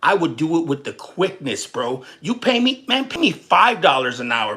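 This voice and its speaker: On his livestream, this young man from Texas rambles and curses, ranting in a relaxed, animated way while joking and chatting with viewers. He speaks at normal speed in a slightly high voice.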